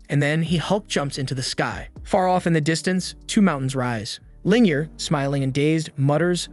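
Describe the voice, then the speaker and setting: Guy doing a comic recap, casual and jokey, voice a bit higher than most men, faint music under it. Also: moderate pace, few pauses. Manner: casual, wisecracking storytelling. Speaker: recap narrator. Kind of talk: scripted narration of a comic recap.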